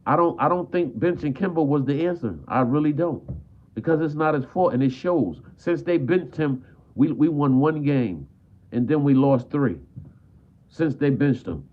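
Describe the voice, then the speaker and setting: A man ranting as a frustrated basketball fan on a live stream. He repeats himself and drops "man" at the end of almost every line. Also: on the high side. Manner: frustrated, repetitive, peppers talk with "man". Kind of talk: live stream sports rant. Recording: tinny phone-like audio.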